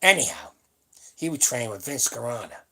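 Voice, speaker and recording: A man's voice: medium pitch, sing-song, moderate pace, bright, forceful tone. A man in his seventies, host of a live stream, talking casually in a blunt, rambling and salty way. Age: 70s. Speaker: powerlifting channel host. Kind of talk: casual livestream chat. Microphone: webcam or phone on a live stream.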